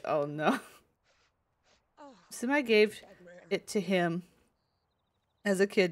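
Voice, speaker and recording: Woman, live streamer, casual chat, playful, thinks out loud, middle pitch. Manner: chatty, playful, thinks aloud.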